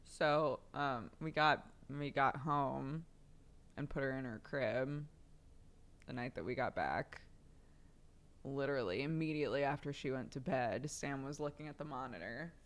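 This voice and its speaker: A woman's voice: very deep voice, moderate pace. A young adult woman streamer chatting casually, telling a story with frequent laughter and the odd swear word. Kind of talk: casual chat.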